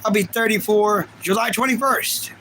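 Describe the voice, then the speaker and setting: A man's voice: high voice, moderate pace, pushed and bright, a little hiss or hum. A man in his thirties livestreaming, chatting casually and reading out viewer comments in a rambling way. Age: 30s. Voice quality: rambling and chatty, with frequent restarts.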